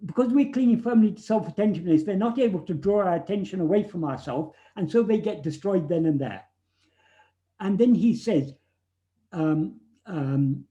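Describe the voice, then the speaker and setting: Earnest high-voiced man on a muffled call. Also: dark tone. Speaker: speaker answering questions on spiritual teachings. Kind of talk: thoughtful explanatory talk over a video call. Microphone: video call. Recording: muffled video call audio.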